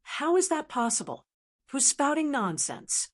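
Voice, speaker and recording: A woman voicing a calm young martial master. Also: mid-range voice, normal speed, natural voice.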